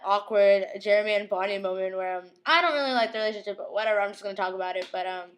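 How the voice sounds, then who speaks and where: A young woman talks through a show recap in a loose, chatty way. She gushes and giggles as she goes, dropping into quick imitations of the characters. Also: medium pitch. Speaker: vlogger recapping a TV episode.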